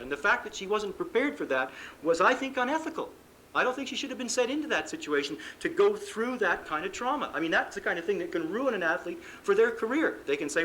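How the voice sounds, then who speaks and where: A man with a Canadian accent giving a live sports seminar, telling lively stories, acting out what athletes say, and often restarting his sentences. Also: high voice, quick pace, a little hiss or hum, poor audio. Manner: frequent restarts and repeated words. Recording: archival 1989 live talk recording.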